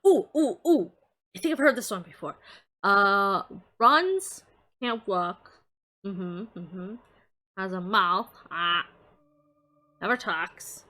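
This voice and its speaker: A woman streamer chats casually on a live stream while working through riddles, laughing often, swearing in surprise and muttering clues to herself. Her mid-range voice is pushed and bright, with lively intonation, a slow pace and frequent pauses. Faint music plays in the background.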